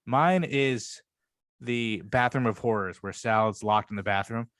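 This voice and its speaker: A man co-hosting a casual podcast chat, rambling and swearing freely, sometimes jumping higher to act out quotes. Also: measured pace, a bit bright, dry recording, clean studio sound. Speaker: podcast co-host.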